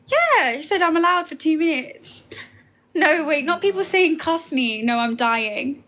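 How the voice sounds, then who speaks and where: A young woman streams live late at night, bantering with her chat in an excitable, dramatic way. Her voice sits high and sounds bright and sharp. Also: measured pace. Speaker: livestreamer.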